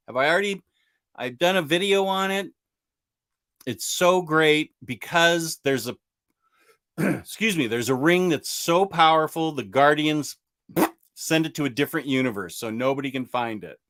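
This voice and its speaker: A man's voice: a little high, fairly bright tone. Eager, rambling comic book host, man. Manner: enthusiastic, rambling, reading out viewer comments. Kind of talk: casual livestream chat.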